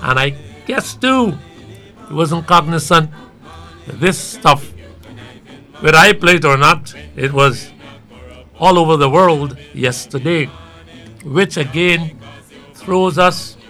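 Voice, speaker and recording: A man giving talk show commentary in a measured, rambling way, thinking aloud. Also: a little high, pushed and bright, soft background music.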